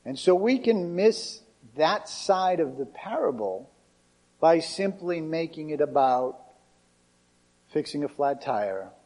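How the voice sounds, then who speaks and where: A male pastor delivers a sermon in a conversational yet emphatic style. His voice sits a little higher than most men's, and he drives home his points with plain, direct phrasing. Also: very animated, slow, a little mellow.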